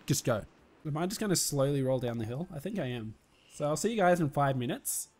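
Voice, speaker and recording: Young male gaming host, lively high voice, excitable trash-talk over voice chat. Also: moderate pace. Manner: excitable, shouting catchphrases, swearing and laughing. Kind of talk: casual gaming banter with friends.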